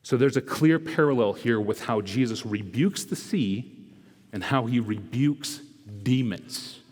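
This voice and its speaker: Conversational preacher with a big hall echo. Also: male voice, medium pitch, animated, breathy edge. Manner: conversational, with rhetorical "right?" asides; swings from loud and quick to hushed and slow. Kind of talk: sermon. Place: church sanctuary. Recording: echoey church hall.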